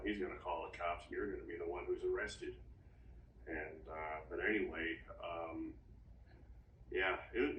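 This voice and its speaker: Man, very low voice, rambling, halting, distant mic, echoey room with faint ambience. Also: a bit bright, a little hiss or hum. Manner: halting and rambling, restarts often. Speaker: therapy client. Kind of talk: casual session talk.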